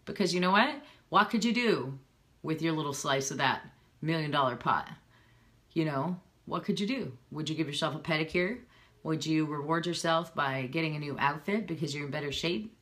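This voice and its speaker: A fitness coach in her thirties chats casually and earnestly with viewers on a live stream, sounding persuasive and a little emotional. Her low voice is animated and a bit bright, at a normal speed. It's picked up by a phone or webcam during live video.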